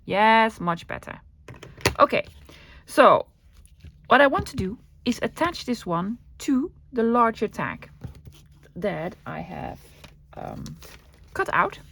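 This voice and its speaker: A woman's voice: on the high side, sing-song, takes it slowly, creaky, a bit bright, slight background noise. A woman with a Dutch accent chatting casually while crafting at her desk, thinking aloud and answering her own questions. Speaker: crafting vlogger.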